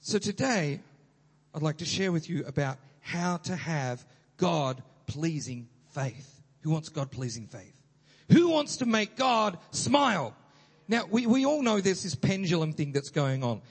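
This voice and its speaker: A man delivers an energetic sermon in a high, slightly husky voice, stumbling and restarting as he goes. The sound rings with long reverb from a large hall. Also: a little slow. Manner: energetic, animated, with many restarts. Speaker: pastor.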